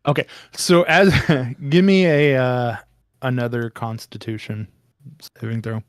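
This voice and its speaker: A man's voice: mid-range voice, fairly even intonation, unhurried, no room sound, studio quality. A man narrating a tabletop game as game master, rambling with many ums and restarts.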